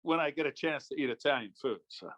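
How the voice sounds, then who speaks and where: A man's voice: mid-range voice, expressive, quick pace, fairly bright tone, lo-fi sound. An older man from New York State, a former politician, telling easygoing anecdotes as an interview guest. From New York State, USA. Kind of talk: casual interview storytelling.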